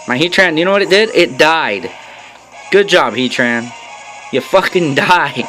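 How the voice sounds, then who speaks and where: A man's voice: fairly high pitch, slow pace, pauses often. A young man swearing and joking sarcastically as he narrates his own game battle in a voice-over. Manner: swearing, sarcastic, excitable, swings between shouts and mutters. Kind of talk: profane gameplay commentary voice-over. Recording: faint game music behind.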